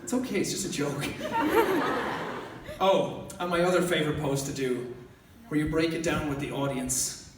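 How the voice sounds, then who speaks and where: A young Irish man hosting a live stage show, telling funny stories to an audience in an energetic, loud, jokey way, often laughing as he talks. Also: on the high side, normal speed, pauses often, noisy background. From Ireland. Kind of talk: stand-up storytelling to a live audience. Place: large concert hall with a live audience. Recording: echoey hall recording from far off, loud crowd.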